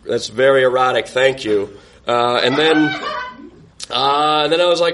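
A man's voice: mid-range voice, moderate pace, background noise. A man telling a self-deprecating personal story on stage, often laughing as he goes. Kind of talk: live storytelling, casual.

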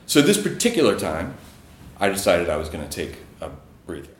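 A man's voice: low-pitched, sing-song, brisk, roomy sound, heavy background noise. A man telling a personal story on stage in a casual, chuckling way, with many fillers.

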